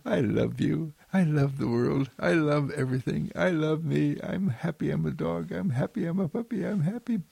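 A man with a gravelly voice voicing a happy, eager little puppy dog that gushes love for everything in a high, sing-song way. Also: moderate pace, few pauses, mellow, dry recording, exaggerated voice. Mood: gushing joy.

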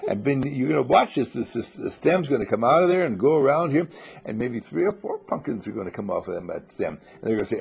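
A man's voice: mid-range voice, big pitch swings, fast, darkish tone, muffled recording. A man leading a spiritual talk to a small group, playfully telling stories and acting out little voices. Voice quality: husky, gravelly. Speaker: spiritual teacher.

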